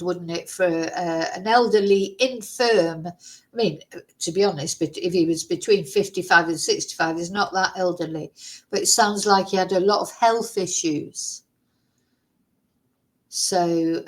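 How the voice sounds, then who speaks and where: A woman's voice: on the low side, rough recording. Woman musing through rhetorical questions. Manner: musing, thinking aloud with many rhetorical questions. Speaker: vlogger. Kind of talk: casual chat.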